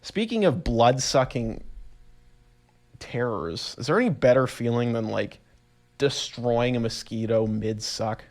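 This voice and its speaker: A young man, casually rambling through a solo podcast story, animated and self-amused. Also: mid-range voice, a little slow. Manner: rambling, animated storytelling with laughs and voiced reactions. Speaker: podcast host.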